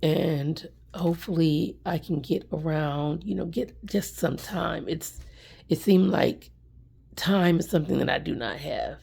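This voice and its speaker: A middle-aged woman who runs small businesses speaks earnestly on an emotional live stream, near tears and repeating words of encouragement. Her voice sits low and is gravelly, mellow, and slightly rough, with a somewhat slow pace.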